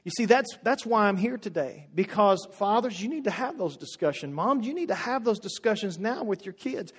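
Male pastor, high voice, emphatic sermon delivery, long hall echo. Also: lively intonation, moderate pace, husky. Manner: emphatic, repeats phrases, swings from loud to hushed.

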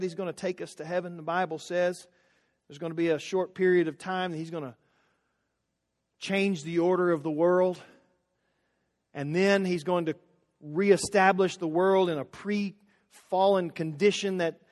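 A man preaching an impassioned sermon as a pastor, dropping to a hush and rising to shouts. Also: high-pitched, long reverb tail.

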